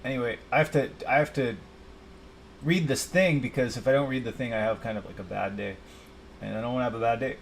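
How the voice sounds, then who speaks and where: A man's voice: mid-range voice, fast, vocal fry, a little hiss or hum. A man venting in a rambling personal video, frustrated and swearing, talking to himself. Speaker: vlogger.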